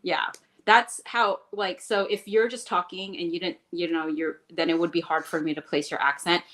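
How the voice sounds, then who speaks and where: A woman's voice: fairly low pitch, steady tone, normal speed, fairly bright tone, a little hiss or hum. A woman chatting casually on a stream, rambling and giggling as she talks. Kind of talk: casual chat.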